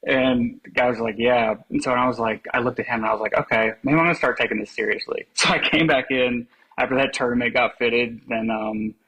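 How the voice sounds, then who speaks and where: Husky-voiced man telling golf stories. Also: medium pitch, fairly even intonation, a little fast, few pauses, a bit bright, rough recording. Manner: rambling storyteller, laughs often. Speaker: podcast guest. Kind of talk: casual chat.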